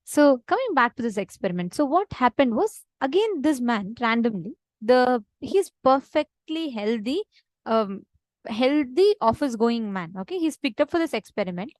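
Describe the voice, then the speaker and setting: A woman giving an earnest online spiritual talk, telling a story and slowing down for emphasis. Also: a little high, sing-song, no room sound. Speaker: meditation teacher. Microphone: online video call.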